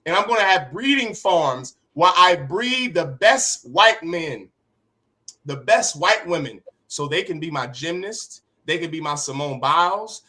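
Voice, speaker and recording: A man preaches to a class with a fiery, forceful delivery and a fairly high voice. His tone is sharp and bright, and he hammers points home by repeating phrases. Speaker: teacher of a religious class. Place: classroom with others present.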